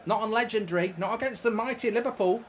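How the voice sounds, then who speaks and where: A man's voice: high-pitched, fast, a little hiss or hum. A man streaming a football video game, ranting and swearing at the match and answering his viewers' chat. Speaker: gaming streamer. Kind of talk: live game commentary.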